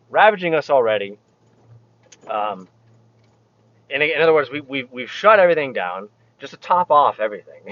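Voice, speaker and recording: A man vlogging while he drives his truck, rambling in halting, restarting phrases with a sarcastic edge. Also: medium pitch, no echo, highs cut off. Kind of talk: casual opinion vlog. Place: inside a truck while driving.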